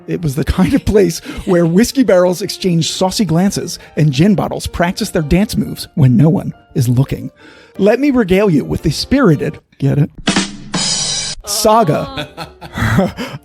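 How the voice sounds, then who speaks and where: A man's voice: high-pitched, lively intonation, measured pace, vocal fry, dark tone, soft background music. A man hosting a podcast, joking and punning as he reads a mock-dramatic history. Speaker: podcast host. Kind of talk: casual chat and comic scripted history reading.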